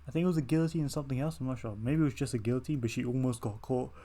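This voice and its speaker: A young man talks through fight results in a relaxed, meandering way. He swears constantly and keeps circling back to his points. His voice sits at an everyday middle pitch. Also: rapid-fire, slight background noise. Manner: rambling, laid-back, heavy swearing. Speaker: MMA reaction channel host. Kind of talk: casual fight breakdown.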